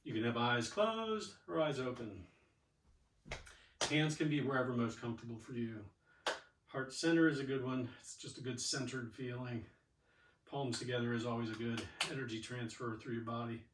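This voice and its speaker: With noise in the background, a yoga and exercise instructor encourages his class in a friendly, chatty way as he walks through each cue. His mid-range voice moves at a moderate pace, captured from a distance in an echoey space.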